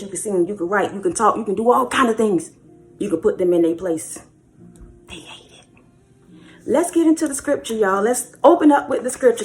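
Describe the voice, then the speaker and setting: A woman hosting a spiritual channel, preaching encouragement straight to camera in an emphatic, repetitive way that swings from loud declarations to hushed asides. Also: mid-range voice. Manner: emphatic and repetitive, calls listener baby.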